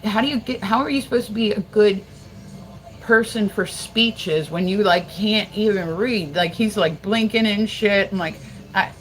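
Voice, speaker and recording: A woman's voice: medium pitch, normal speed, low-quality recording. A woman from Delaware hosting a casual livestream, rambling and swearing as she talks. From Delaware, USA. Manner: profane, rambling, animated. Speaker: livestream host.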